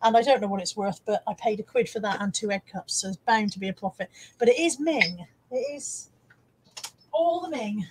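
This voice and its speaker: On a rough recording with slight background noise, a middle-aged woman with a mid-range voice talks briskly during a casual live stream from home, picked up by a close wired camera. She jokes around, reads viewers' comments, and shows off items she has bought for resale.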